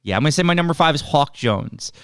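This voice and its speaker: Casual male podcast host, smooth, dry. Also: a little high, lively intonation, fast talker, fairly bright tone, dry recording. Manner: repeats words as he starts sentences. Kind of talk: casual chat.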